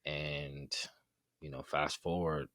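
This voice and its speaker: A man's voice: a bass voice, level tone, slow, no echo. A man, a former football player, telling a personal story as a podcast guest in an earnest, conversational way. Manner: earnest, conversational, drops to quiet reflection.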